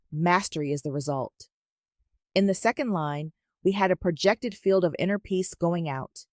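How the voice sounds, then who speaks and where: A woman teaching in a measured, instructive spoken lecture. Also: on the low side, dry recording, studio quality.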